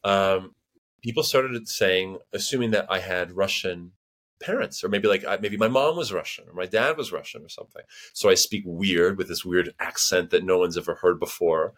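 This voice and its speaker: A man's voice: low-pitched, moderate pace. An American man in his thirties, a linguist guest in a casual interview, telling stories with lots of fillers and acting out other people's voices. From United States. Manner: animated storyteller, acts out quoted voices, frequent fillers.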